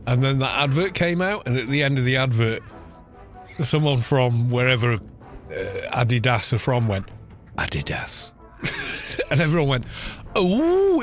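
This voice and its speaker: A British man chatting casually and laughing often while live-streaming a game, teasing how words are pronounced. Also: medium pitch. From Britain. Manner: chatty, amused, laughs often, mocking put-on pronunciations.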